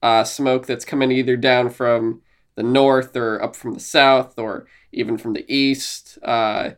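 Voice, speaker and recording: A man's voice: medium pitch, level tone, a little slow. A man in his twenties hosting a podcast in casual chat, rambling and laughing along with many fillers and restarts. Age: 20s. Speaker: podcast host.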